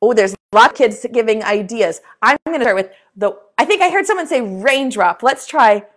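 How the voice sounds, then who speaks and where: A woman teaching a preschool lesson, talking to young children in a slow, encouraging way and asking them to repeat words after her. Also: fairly high pitch, animated, fairly bright tone.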